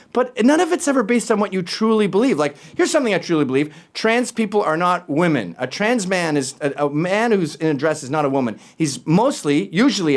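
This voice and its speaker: A man hosting a talk show, ranting in an animated, sarcastic way, jumping between loud remarks and muttered asides. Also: sits high. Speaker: show host. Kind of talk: opinionated talk-show rant.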